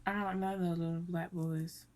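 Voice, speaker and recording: A woman co-hosting a podcast in casual debate, animated and quick to push back. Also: lowish voice, a little hiss or hum. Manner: animated, pushes back, drawls. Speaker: podcast co-host.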